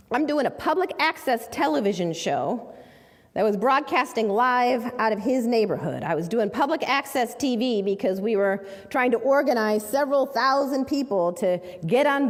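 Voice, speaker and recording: A woman activist and author telling a personal story to an audience, acting out the voices of the people in it. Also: on the high side. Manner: vivid storyteller, acts out quoted voices. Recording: long hall reverb.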